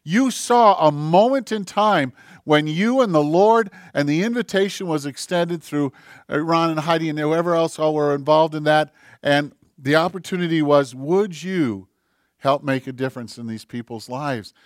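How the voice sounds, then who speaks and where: A man preaching a sermon as pastor, impassioned, swinging from loud emphasis down to near-whispers. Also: a little high, normal speed, no echo, studio quality.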